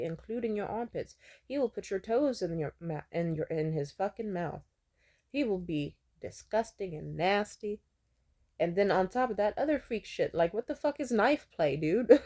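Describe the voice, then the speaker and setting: With a warm, medium-pitched voice, a young vlogger talks frankly and profanely through personal stories. Quoting people, she shifts into mocking imitations.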